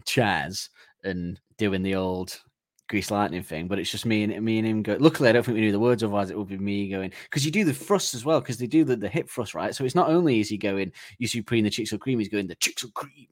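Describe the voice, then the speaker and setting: Low-voiced man joking around. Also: brisk, no room sound, studio quality. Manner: jokey, acts out silly scenes, laughs often. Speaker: podcast co-host. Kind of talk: casual comedic chat.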